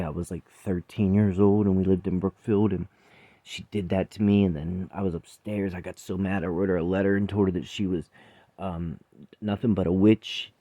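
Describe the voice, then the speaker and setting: Chef, male, very low voice, blunt swearing storyteller, rambling delivery, dry sound. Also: mellow, dry recording. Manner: blunt, profane, rambling with laughs. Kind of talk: personal storytelling monologue.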